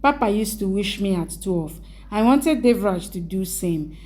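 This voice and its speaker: Woman reading young wife, hurt, needy, mellow, plain recap read. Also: mid-range voice, lively intonation, measured pace, close to an everyday voice. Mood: upset.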